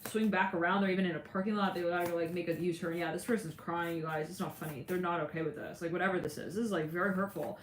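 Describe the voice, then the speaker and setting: A woman's voice: lowish voice, fairly even intonation, quick pace, few pauses, slight background noise. A woman giving a casual, rambling tarot reading, chatty and laughing often. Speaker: tarot reader. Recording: echoey room.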